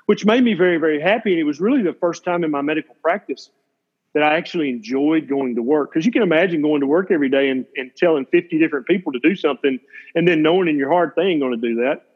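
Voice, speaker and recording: Husky southern guy from tennessee, doc on a podcast, talks blunt and folksy, slightly high voice, muffled lo-fi sound. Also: fast talker. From Tennessee, USA. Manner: blunt, folksy, plain-spoken. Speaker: physician guest. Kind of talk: casual podcast storytelling. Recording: dull lo-fi podcast audio.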